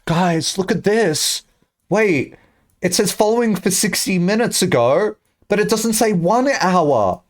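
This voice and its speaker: A young man chatting casually on a live stream, rambling and joking with bursts of excitement. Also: sits high, unhurried.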